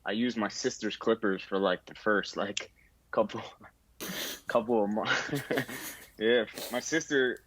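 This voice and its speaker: A man's voice: fairly low pitch, fairly even intonation, slow, pauses often, noisy background. A young man, a barber, telling his story in a casual interview, laid-back with many fillers and acted-out quotes.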